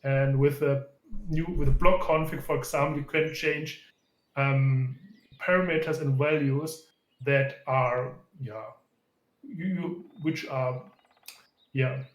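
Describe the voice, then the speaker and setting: A man's voice: medium pitch, fairly even intonation, slow pace. A man who is a game developer talks casually, stopping often to search for the right words. His voice sits in the middle range. The recording has a roomy echo. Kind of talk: casual chat. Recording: echoey room.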